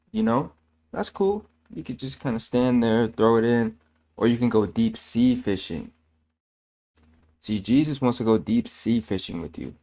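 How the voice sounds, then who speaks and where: A man's voice: mid-range voice, a little mellow. A man giving a casual, earnest faith talk, repeating himself and correcting his own slips as he goes. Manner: earnest, repetitive, preachy; self-correcting, fillers like "man". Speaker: channel host sharing faith.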